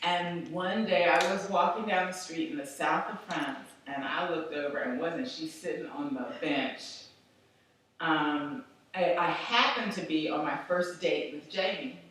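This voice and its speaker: A middle-aged woman from Philadelphia telling a personal story in an animated way, laughing often. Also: sits low, measured pace, a little hiss or hum. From Philadelphia, USA. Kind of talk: live storytelling. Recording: echoey room, voice far from mic.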